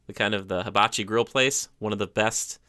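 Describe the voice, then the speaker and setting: A man's voice: on the low side, fairly even intonation, fairly quick, bright, forceful tone, clean tone, no echo, clean studio sound. A man co-hosting a podcast in casual chat, enthusiastic and rambling, with many fillers. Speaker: podcast co-host.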